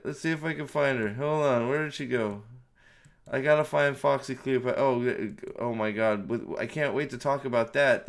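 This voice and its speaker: A man's voice: mid-range voice, clean tone. A man giving a profane, exasperated movie review at home, ranting with many restarts and repeated words.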